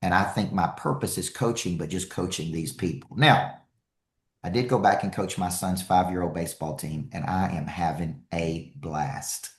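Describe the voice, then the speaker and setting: Emphatic low-voiced male speaker, roomy hall. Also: moderate pace. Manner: energetic, emphatic, repeats himself for effect. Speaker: motivational speaker and coach. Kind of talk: live motivational talk to an audience.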